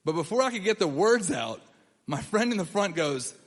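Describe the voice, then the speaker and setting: A young man telling a long story in stand-up, animated, laughing at his own jokes and putting on voices of other people. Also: sits high, moderate pace, big-room sound. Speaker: comedian. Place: comedy club stage before a laughing audience.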